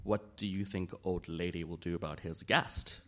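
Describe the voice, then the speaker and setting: A man's voice: deep voice, steady tone, normal speed, lightly acted. A man voicing a gossipy, conspiratorial middle-aged society woman. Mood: sly. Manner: sly, conspiratorial, turns frantic.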